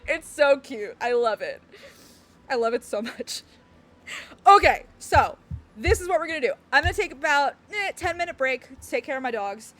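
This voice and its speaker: A woman game streamer chats casually on a live stream in a high-pitched, animated, fairly bright voice at normal speed. Bubbly and giggly, she rambles with plenty of fillers.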